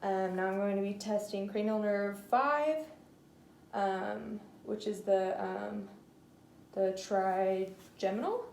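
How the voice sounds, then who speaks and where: A student, slightly out of breath, talks hesitantly through a clinical neuro exam, using many fillers. Her medium-pitched voice is gravelly and darkish, with fairly even intonation and a slow pace, recorded in an echoey room with faint noise.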